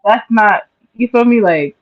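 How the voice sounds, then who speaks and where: A man's voice: high-pitched, a little slow. Slangy young-sounding man, dull audio. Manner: slangy, lots of "like" and "you feel me". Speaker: conversation partner. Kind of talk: casual conversation.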